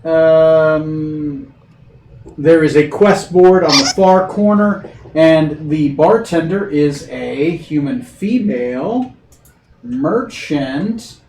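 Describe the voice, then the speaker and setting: A man narrates a tabletop game slowly, with plenty of fillers and restarts as he reads descriptions. His voice sits a little high. The sound is roomy and distant, with a faint hiss underneath. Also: darkish tone. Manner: halting, many fillers, reading descriptions aloud. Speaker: game master. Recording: echoey room, far from mic, faint hiss.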